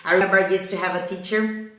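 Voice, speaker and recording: A woman's voice: mid-range voice, steady tone, quick pace, fairly bright tone. A woman from Brazil with a Brazilian Portuguese accent, giving a motivational English lesson on a live stream and checking in with her audience often. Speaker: English teacher. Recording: very echoey room.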